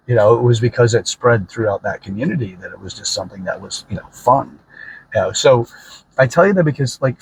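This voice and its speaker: Rambling middle-pitched man telling a story. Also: slight background noise, rough recording. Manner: rambling, self-correcting, many fillers. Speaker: podcast host. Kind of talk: casual storytelling.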